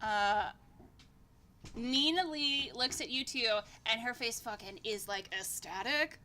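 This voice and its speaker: A woman running a tabletop game, talking in a loose, rambling style with plenty of swearing. Her voice sits high and sounds bright and sharp. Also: takes it slowly, a little hiss or hum. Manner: casual, rambling, swears freely. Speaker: game master.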